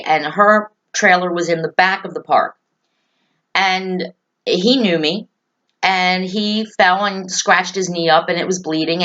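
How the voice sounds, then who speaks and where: A woman host talks earnestly to parents and children, leaning on key phrases and repeating them for reassurance. Her voice sits on the low side. The recording is muffled and lo-fi. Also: fairly bright tone.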